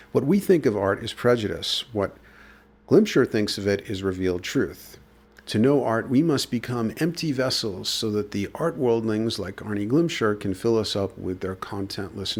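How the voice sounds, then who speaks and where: Male podcast host, gravelly voice, wry and sardonic essay reading. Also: lowish voice.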